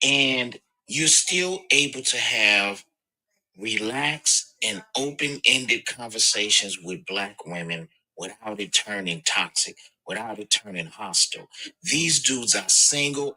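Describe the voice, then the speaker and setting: A man calling into a live stream panel, chatting in a relaxed, mocking way. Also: mid-range voice, a little slow, poor audio. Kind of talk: casual opinion chat.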